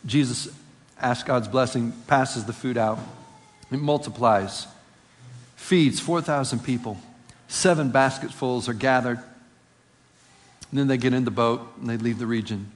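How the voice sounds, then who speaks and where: A man preaching a sermon. He reads scripture aloud, then explains it conversationally and asks rhetorical questions. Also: mid-range voice. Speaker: pastor. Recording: long reverb of a large hall.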